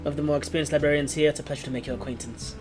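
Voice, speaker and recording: A man's voice: a little high, steady tone, racing, close to an everyday voice. A man putting on a prim woman librarian. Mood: formal. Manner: polite, formal, slightly curt. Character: senior woman librarian, proper and guarded. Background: guitar music.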